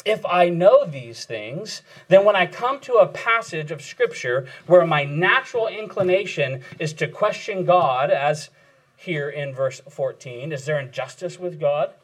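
Male preacher, earnest expository sermon delivery, voice a bit above average pitch. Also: lively intonation, unhurried, a bit bright, rough recording. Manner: earnest, emphatic repetition.

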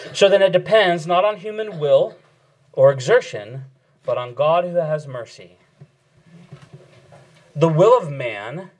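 A man's voice: a little high, low-quality recording. A man preaching an expository sermon, earnest and emphatic, repeating key phrases.

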